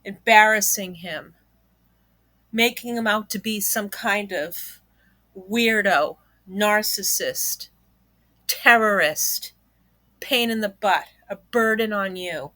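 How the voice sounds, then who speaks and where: A woman's voice: medium pitch, takes it slowly, bright, forceful tone, no room sound. A woman giving reaction commentary on a YouTube channel, blunt and indignant, swearing freely.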